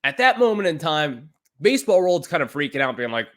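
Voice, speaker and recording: Male podcast host, young adult, slightly high voice, emphatic ranting commentary. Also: sing-song, brisk, a bit bright.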